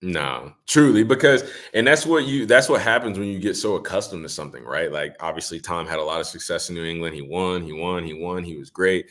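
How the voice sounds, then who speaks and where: Deep-voiced young man telling stories casually. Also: fairly quick, hardly any pauses. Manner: relaxed, rambling with many "like" fillers, acts out quotes. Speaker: guest, former running back. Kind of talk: casual podcast storytelling.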